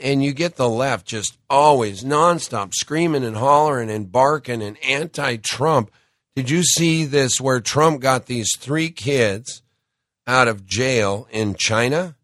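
Slow, indignant man with a cold. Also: medium pitch, fairly bright tone, no echo, clean studio sound. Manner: indignant, emphatic, addresses listeners as folks. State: has a cold, clears throat. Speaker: talk show host. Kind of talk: opinionated monologue.

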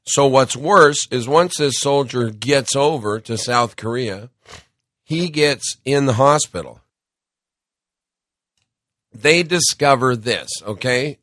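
A man's voice: mid-range voice, fairly bright tone, no room sound, clean studio sound. A middle-aged man with a cold, hosting an opinionated monologue, indignant and emphatic as he addresses his listeners directly. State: has a cold, clears throat. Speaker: talk show host.

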